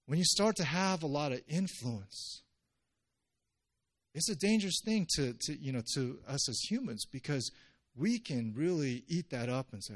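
A male pastor giving a conversational sermon, jumping his pitch up when he acts out quotes. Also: very animated, moderate pace.

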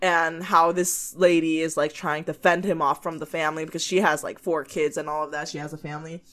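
A woman's voice: sits low, flat delivery, a little fast, fairly bright tone. A woman co-hosting a podcast in casual chat, talking loosely with many fillers and frequent laughter. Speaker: podcast co-host.

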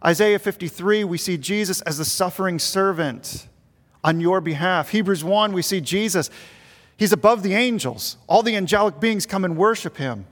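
A middle-aged man, a pastor, preaching a sermon with earnest emphasis that swells and then drops quiet. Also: high voice, normal speed. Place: large church sanctuary. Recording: long reverb of a large hall.

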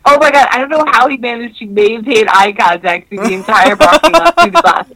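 Animated young woman telling a story. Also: fairly high pitch, fairly quick, low-quality recording. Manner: animated, swears, acts out voices in quotes. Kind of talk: casual storytelling chat.

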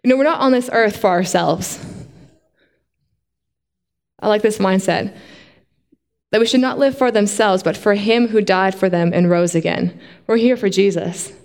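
A woman preaches a sermon in a lively way, asking her listeners questions. Her voice is mid-pitched and carries a long hall reverb, as in a church. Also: normal speed, pauses often. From not from Australia. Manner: lively, asks the congregation questions.

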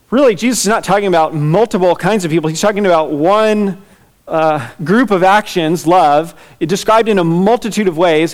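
Earnest preacher man with a high voice. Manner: earnest teaching, repeats key questions for emphasis. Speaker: pastor. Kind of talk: expository sermon.

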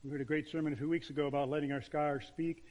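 A man, a pastor, preaching a sermon with emphatic phrasing and dramatic pauses. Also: a little high, flat delivery, a little mellow, in a large hall.

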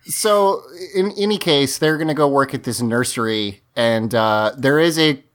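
A man's voice: mid-range voice, measured pace, a bit bright. A man hosting a casual podcast, recapping a TV episode in a loose, rambling way with many fillers. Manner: rambling, lots of fillers and restarts. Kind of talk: casual chat.

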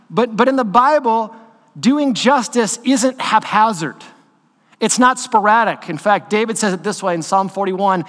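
Male pastor, high voice, animated conversational sermon, live in a reverberant church. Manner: conversational, animated storytelling with quick asides. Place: church sanctuary. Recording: long hall reverb in a church.

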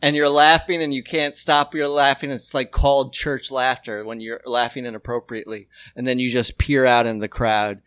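A man's voice: medium pitch, flat delivery, normal speed, hardly any pauses, fairly bright tone, smooth, no room sound. A man joking around in casual comedy banter, laughing often and slipping into silly voices.

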